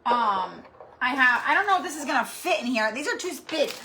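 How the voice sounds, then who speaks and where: A woman with a high, sing-song voice talks briskly while hosting a live-stream craft tutorial on her craft channel. She's chatty and rambling, greeting viewers by name, and background noise can be heard.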